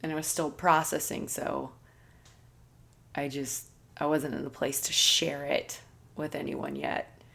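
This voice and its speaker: Low, gravelly-voiced woman talking slowly. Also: level tone. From United States. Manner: earnest, soft-spoken storytelling with light laughs. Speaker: podcast host. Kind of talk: reflective personal monologue.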